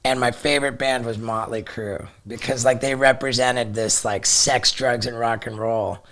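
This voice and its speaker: A middle-aged man telling a story in casual chat, animated, swearing often and restarting his sentences. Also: mid-range voice, normal speed. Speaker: podcast guest.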